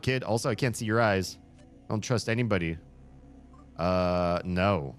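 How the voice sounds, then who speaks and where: A man hosting a video game playthrough, chatting along in an animated way and laughing often. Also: low-pitched, normal speed. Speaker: let's play host. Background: faint game music.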